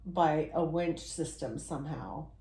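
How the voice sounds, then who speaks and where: A woman's voice: low-pitched, a little slow, creaky, warm tone. Woman podcast host, roomy room sound. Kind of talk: casual chat and reading notes. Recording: roomy echo.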